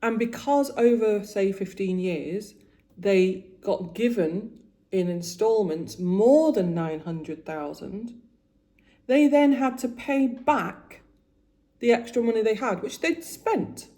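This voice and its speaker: A vlogger in her forties does her make-up while chatting casually about her week, growing emotional and often trailing off before starting again. Her mid-range voice is warm and slow.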